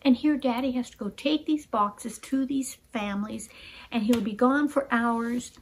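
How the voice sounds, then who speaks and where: A woman reading a children's story aloud in an expressive, exclamatory way. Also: a little high, measured pace, breathy edge. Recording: guitar music behind.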